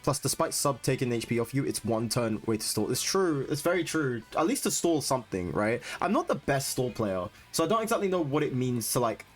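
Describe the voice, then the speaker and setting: An excitable young man talks through his competitive matches, reacting as every move lands. His voice sits in the middle of the male range, with soft guitar music under it. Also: mid-range voice, a little fast, hardly any pauses. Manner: excitable, swings into loud frustrated rants. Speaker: gaming streamer. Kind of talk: live commentary on competitive battles.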